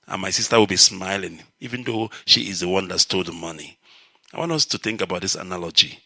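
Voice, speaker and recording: A man's voice: low voice, expressive, vocal fry, pushed and bright, dry recording. Lecturing Nigerian man hosting radio. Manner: measured, lecturing, explains with analogies. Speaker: radio host. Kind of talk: call-in radio talk.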